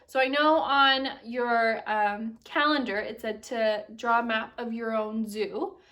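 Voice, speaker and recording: A young woman teacher reading a silly picture book aloud to children, with animated, expressive storytelling. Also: fairly high pitch, slow, far from the mic.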